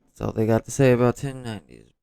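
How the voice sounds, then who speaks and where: A man's voice: mid-range voice, steady tone, fast, gravelly, mellow, smooth, dry recording. A man hosting a reaction video, commenting casually in street slang. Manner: casual, street slang, asks questions aloud.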